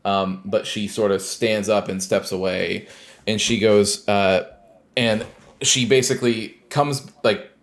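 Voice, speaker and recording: A man with a low-leaning voice takes his time as he co-hosts a podcast and casually goes over a game. Animated, he acts out the scenes using snarky mock voices.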